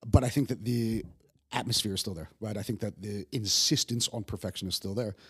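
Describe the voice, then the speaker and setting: A young man from New York with a New York accent, a chef talking in a casual podcast conversation, profane and animated, restarting his sentences often. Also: lowish voice, brisk, husky. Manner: profane, animated storyteller with many stammered restarts. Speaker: guest chef.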